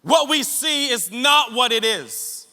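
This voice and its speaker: High, bright-voiced joking preacher man. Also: very animated, slow, faint music behind. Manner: joking, storytelling preacher addressing congregation. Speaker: pastor. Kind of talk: sermon. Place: church service hall with congregation. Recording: long hall reverb.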